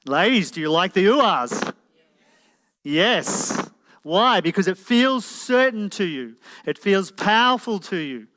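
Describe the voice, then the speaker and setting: In an echoey hall, a man with a high-pitched, sing-song voice speaks slowly, with a bright, forceful tone, leading a motivational seminar on relationships. He puts direct questions to the live audience and asks for shows of hands.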